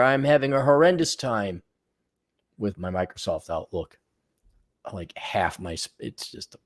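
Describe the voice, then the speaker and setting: A man's voice: mid-range voice, a bit bright. A man giving crude, sarcastic, rambling commentary as a vlog host. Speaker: vlogger and consultant.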